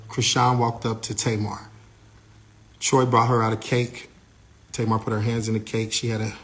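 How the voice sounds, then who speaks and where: A man, a manager, giving a lively first-person account of an incident, his voice rising and getting louder as he gets heated. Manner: animated, grows louder and higher when heated.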